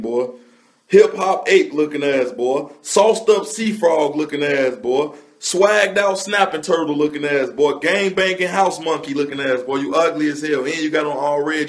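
A man delivering a comedic roast monologue, rattling off mocking insults with repeated catchphrases. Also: on the high side.

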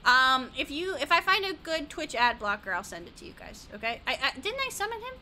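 A woman's voice: high voice, sing-song, a little fast, pushed and bright, a little hiss or hum. A woman gaming streamer chatting casually while she plays, rambling, giggly, easily sidetracked and swearing a lot.

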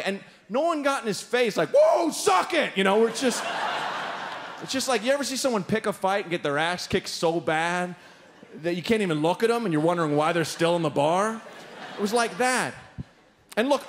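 A man with a high, fairly quick voice does stand-up on a live stage, animatedly narrating a story and jumping his voice around to play the characters. Slight background noise is present.

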